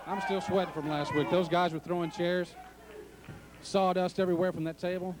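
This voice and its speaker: A man calling a wrestling match play-by-play, excited and joking. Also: high voice, moderate pace, background noise. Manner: excited, joking, shouts at big entrances. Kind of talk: play-by-play commentary.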